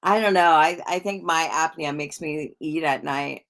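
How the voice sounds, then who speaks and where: A middle-aged woman, a psychic, hosts a casual livestream, chatting with viewers and reading their comments in a rambling way. She talks at a moderate pace in a low voice, with frequent restarts and soft laughs.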